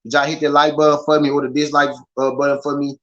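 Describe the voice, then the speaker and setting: A man with a Southern American accent hosting a casual boxing livestream, talking to his chat in an animated, repetitive way. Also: on the high side, fast. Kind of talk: casual live commentary. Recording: slightly dull lo-fi stream audio.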